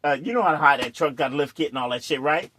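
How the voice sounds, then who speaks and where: A man's voice: fairly high pitch, fast, pushed and bright. A man hosting a show, telling a raucous story full of swearing, laughing often and acting out the scenes. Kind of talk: casual anecdote telling.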